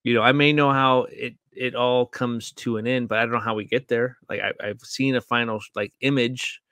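A man's voice: mid-range voice, steady tone, normal speed, fairly bright tone, clean tone, no echo, studio quality. A man co-hosting a casual podcast, rambling with lots of likes and restarts and laughing often mid-sentence. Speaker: podcast co-host reviewing a TV series.

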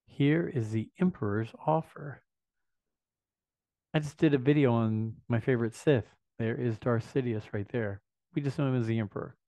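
A man's voice: mid-range voice, normal speed, warm tone, dry recording. A man in his fifties hosting a casual unboxing video, chatting enthusiastically and thinking aloud as he goes. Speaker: vlog host. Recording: dry, slightly dull lo-fi sound.

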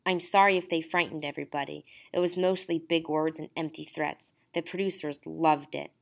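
A woman reading the part of a worn-down mother of twins who talks in a quiet, weary, apologetic way. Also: sits low, steady tone, normal speed, gravelly. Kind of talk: audiobook dialogue.

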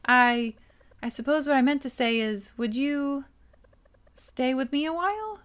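A woman voicing a shy, earnest young woman from a video game, speaking in a hesitant, halting way. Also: high-pitched, clean tone, pitched above the performer's own voice. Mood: flustered. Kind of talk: reading game dialogue aloud.

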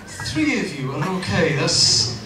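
A man's voice: on the high side, takes it slowly, background noise. A Welsh man doing a stand-up comedy set on stage, acting out voices for laughs in front of a live audience. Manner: lively, acts out voices for laughs. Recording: roomy live venue recording from far off.

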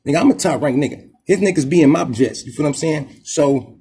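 A man with a Bay Area Oakland accent hosts his own podcast, talking straight through a long monologue. His voice is raspy and a touch higher than most men's. He runs his words together fast, in blunt, profane street talk. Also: dark tone. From Oakland, California. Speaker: podcast host. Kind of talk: casual monologue storytelling.

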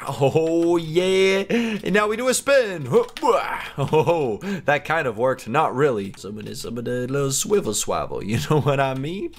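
Young man, gaming host, casual commentary, animated pitch, playful. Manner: playful, chatty, laughs often.

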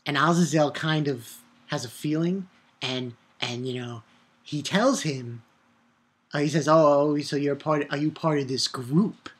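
Slow, husky excitable man reviewing. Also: on the high side. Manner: excitable, swears, shouts his own reactions; rambling with restarts and filler. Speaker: anime reviewer. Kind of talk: casual video review.

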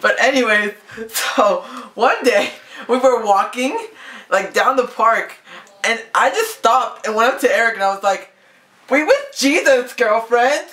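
A woman's voice: a little high, measured pace, bright, forceful tone. A woman hosting a parody vlog in a giggly, rambling way, exclaiming often. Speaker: vlogger. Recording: echoey room.

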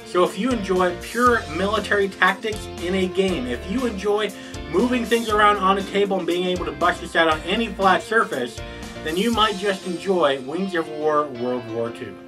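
A man's voice: high-pitched, moderate pace, distant mic, music in the background, poor audio. A man hosting a scripted board game review, upbeat, asking rhetorical questions before giving his verdicts.

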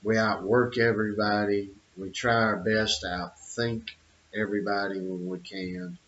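A man's voice: lowish voice, measured pace, fairly bright tone. A middle-aged man giving an opinionated monologue, emphatic, with repeated phrases and many fillers. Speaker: channel host. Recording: dull lo-fi audio.

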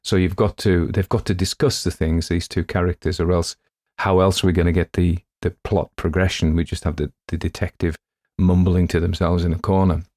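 A man's voice: deep voice, level tone, brisk, a little mellow. A man, an audiobook narrator chatting casually and rambling in a self-deprecating way after a reading.

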